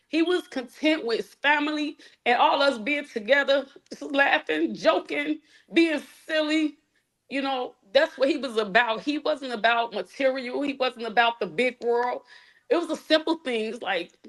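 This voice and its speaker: A woman speaking as a guest about her late son, telling his story in a halting, heartfelt, colloquial way. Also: high-pitched. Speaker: mother of the deceased, guest. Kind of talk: emotional personal testimony in a live interview.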